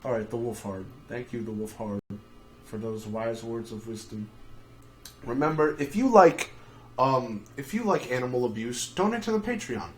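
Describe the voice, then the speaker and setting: A young man hosting a casual livestream, telling rambling, profane stories full of dark jokes. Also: medium pitch, normal speed. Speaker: livestream host.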